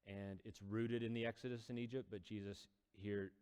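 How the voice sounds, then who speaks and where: A man with a lowish voice retells an old story in a relaxed, chatty way, dropping fillers as he goes. His voice rings out with a long reverb, as in a large hall. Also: normal speed, clean tone. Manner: conversational, many fillers, acts out quoted lines. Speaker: teacher retelling a scripture story. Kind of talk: casual storytelling lesson.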